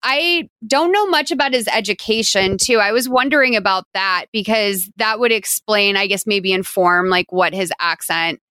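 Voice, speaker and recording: A woman co-hosting a podcast, chatting casually about a movie with quick asides and frequent laughs. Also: mid-range voice, bright, forceful tone, smooth, no echo, studio quality. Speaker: podcast co-host.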